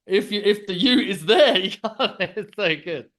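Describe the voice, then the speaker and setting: A man's voice: sits high, unhurried, fairly bright tone. A man co-hosting a casual podcast, playful and jumping in with jokes and laughter. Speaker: podcast co-host. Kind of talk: casual chat.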